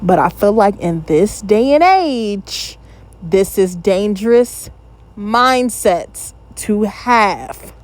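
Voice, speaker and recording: A woman in her thirties talks straight to her audience as host of her own channel. She reacts casually and candidly and drifts into opinionated asides. Her voice sits at an ordinary middle pitch. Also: expressive, drawn-out words. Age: 30s.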